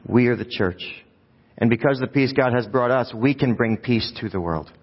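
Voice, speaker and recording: A man's voice: medium pitch, moderate pace. A man preaching a conversational sermon, often asking the congregation rhetorical questions. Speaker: pastor. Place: church sanctuary. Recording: dull sound with long hall reverb.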